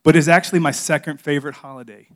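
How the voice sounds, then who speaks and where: A middle-aged man with a slightly high, fairly bright voice preaches a sermon at a quick pace, weaving in a personal story. His tone stays steady as he alternates between teasing and confessing, like a pastor having fun with his congregation.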